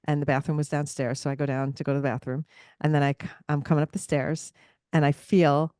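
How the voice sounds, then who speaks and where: Podcast co-host, woman, low register, animated storyteller who laughs easily, dry close recording. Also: fast talker, no echo. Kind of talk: casual chat.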